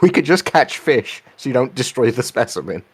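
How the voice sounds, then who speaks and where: A sermonizing preacher type with a loose southern drawl, put on by a man at a tabletop game. The voice has a husky grain to it and frowns on what it hears. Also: medium pitch, big pitch swings, fairly quick. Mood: disapproving. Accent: vaguely Southern US, put on.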